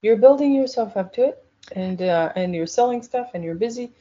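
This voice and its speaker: A woman's voice: fairly high pitch, animated, fairly quick, dark tone. A woman guesting on a podcast, chatting casually and supportively. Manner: supportive, encouraging. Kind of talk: casual chat. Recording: dull lo-fi sound with faint noise.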